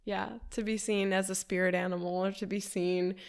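A woman who runs healing events, speaking gently and slowly in an affirming, supportive way on a podcast. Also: mid-range voice, little pitch movement. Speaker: retreat facilitator. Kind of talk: podcast conversation.

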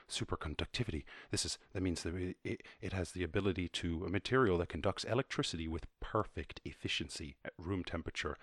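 A man's voice: low voice, quick pace, dry recording, clean studio sound. A man with an Irish accent hosting his show, casually commenting on a video in a loose, profane way with frequent laughs. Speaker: host.

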